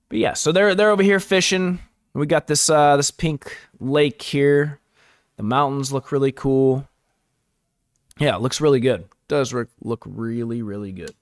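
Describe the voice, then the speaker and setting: A man's voice: mid-range voice, no echo, clean studio sound. A man giving a casual, rambling live-stream recap, full of fillers and chuckling asides.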